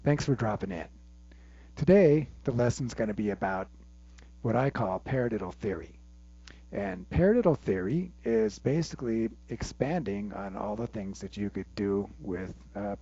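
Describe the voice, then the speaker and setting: A man teaching a drum lesson, explaining step by step in a relaxed way and counting stickings aloud. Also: lowish voice, breathy edge. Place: room with a drum kit. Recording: muffled sound with loud drums. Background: loud drumming between phrases.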